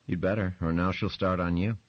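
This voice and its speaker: A man voicing a young pregnant daughter who urges quietly, in a dry, slightly muffled recording. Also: low-pitched, steady tone, a little fast, no room sound, voice pushed up, lightly acted. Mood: urging.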